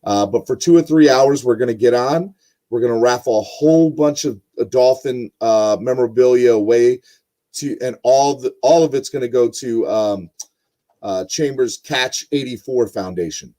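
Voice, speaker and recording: Guy hosting a sports podcast, middle pitch, lots of um and uh, just chatting. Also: moderate pace, dark tone. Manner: rambling, lots of ums and uhs. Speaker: podcast host. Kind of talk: casual sports podcast chat.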